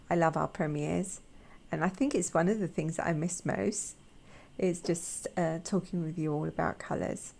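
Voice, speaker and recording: A woman hosting an art channel, chatting casually with a croaky voice, gushing and halting with repeated words. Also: lowish voice, fairly even intonation, darkish tone. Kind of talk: casual chat.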